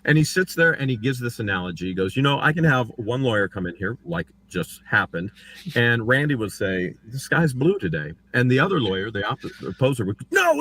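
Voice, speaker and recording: A man's voice: fairly quick, slightly rough. A man talking casually about his own court case, acting out what others said with big jumps in voice. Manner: animated, acts out quotes with big pitch jumps. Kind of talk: casual livestream chat.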